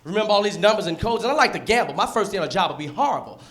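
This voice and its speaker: A man from the United States performing a stand-up comedy set on a club stage with punchy, animated delivery. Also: high voice, rapid-fire. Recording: live club set with audience laughter. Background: crowd laughter and room noise.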